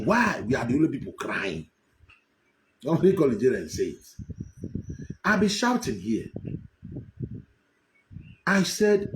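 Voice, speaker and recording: A man with a Nigerian accent hosting political commentary, mocking and laughing, sometimes breaking into shouts. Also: on the high side, sing-song, moderate pace, long pauses, slight background noise, poor audio. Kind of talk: animated live commentary.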